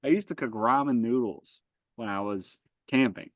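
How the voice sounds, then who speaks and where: A man's voice: mid-range voice, moderate pace, no echo. A man co-hosting a podcast, joking and swearing in casual chat. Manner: jokey, swearing, riffing. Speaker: podcast co-host.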